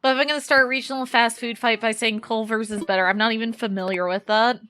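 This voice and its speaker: A woman streaming a game and chatting with her viewers, her voice high and bright. She tells stories in an animated, chatty way and swears freely. Faint game music plays behind her. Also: fast talker. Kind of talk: casual chat while playing a game.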